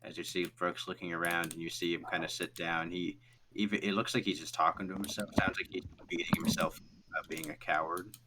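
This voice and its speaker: A man's voice: low-pitched, flat delivery, brisk, noisy background. A man narrating as game master, rambling through descriptions with lots of fillers.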